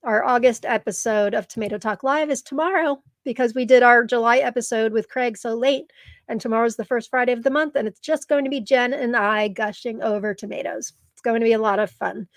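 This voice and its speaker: A woman's voice: fairly high pitch, brisk, dry recording. Bubbly woman hosting a live stream. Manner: gushing, reads viewer comments aloud. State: tearful. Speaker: live show host. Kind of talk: casual live-stream chat.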